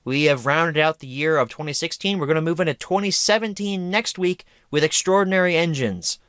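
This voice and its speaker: A man's voice: fairly high pitch, a little fast, a bit bright, smooth, dry recording. A man hosting a home media review vlog, casual, chatty, opinionated and self-deprecating.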